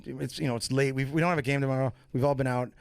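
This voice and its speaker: A man's voice: mid-range voice, steady tone, racing, gravelly, clear, resonant tone, dry recording. A man on a podcast, telling rambling, profane stories in a casual way and switching voices for the people he quotes. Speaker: podcast guest. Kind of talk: casual storytelling.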